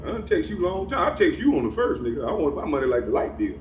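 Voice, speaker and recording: A middle-aged male vlogger launches a profane, taunting rant at the camera, laughing at his own jabs. His voice is a bit high and sing-song, and he talks fast. He sounds off-mic in an echoey room with faint ambience and crowd noise.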